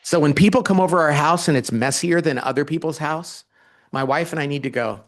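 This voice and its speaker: A guest author in a conversational interview tells stories animatedly, acting out the dialogue he quotes. His voice is fairly high-pitched and he talks fairly quickly.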